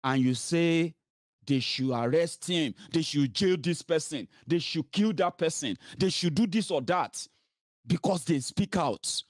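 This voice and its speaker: A man's voice: fairly high pitch, unhurried, dry recording. A man with a Nigerian accent delivers heated political commentary in a mocking, scolding tone. He slips into pidgin and Yoruba as he talks. The recording is dry and close, with almost no room sound.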